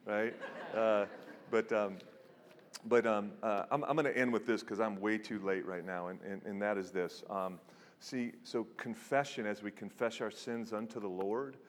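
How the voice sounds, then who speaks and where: A male pastor preaching a sermon, telling stories with animation and dropping to a hushed voice for serious points. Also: lowish voice. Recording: long hall reverb.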